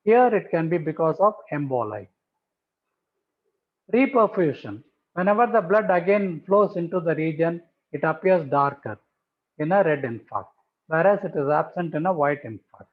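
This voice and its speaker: A man's voice: fairly high pitch, expressive, moderate pace. A man giving a methodical pathology lecture over slides, repeating key terms for emphasis. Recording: tinny phone-like audio.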